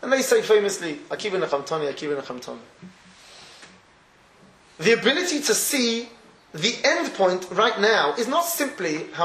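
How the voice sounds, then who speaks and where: High, lively man teaching Torah. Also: echoey room, rough recording. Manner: animated storytelling, laughs often. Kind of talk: Torah class.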